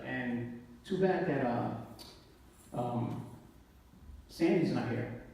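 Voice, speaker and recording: A man's voice: on the high side, mellow. Emotional New man in echoey hall. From the Bronx, New York. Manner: emotional, apologetic, rapid bursts. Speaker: police officer on a panel. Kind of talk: live Q&A panel talk. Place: event hall. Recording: echoey hall, distant mic, faint hiss.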